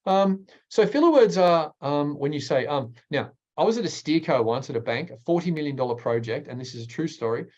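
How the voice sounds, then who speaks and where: A man, a speaking coach presenting a workshop in an energetic, emphatic way with deliberate pauses. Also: muffled recording. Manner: energetic, emphatic, varies pitch widely.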